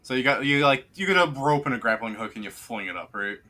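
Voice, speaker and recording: A man's voice: mid-range voice, expressive, fast, bright, forceful tone. A man narrating a tabletop game as game master, describing scenes in a rambling way full of fillers.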